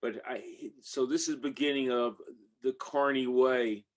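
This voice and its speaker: A man's voice: medium pitch, fairly even intonation, measured pace. A man in his eighties or older, an author reading the opening of his book aloud, hesitant with many fillers when he talks off the page. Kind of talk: reading a memoir-style story aloud.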